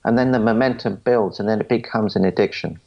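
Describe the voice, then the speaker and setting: Gravelly low-voiced man in his forties. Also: fast talker, muffled recording. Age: 40s. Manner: earnest, stammers and restarts, quotes others. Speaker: podcast guest. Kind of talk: storytelling interview answers.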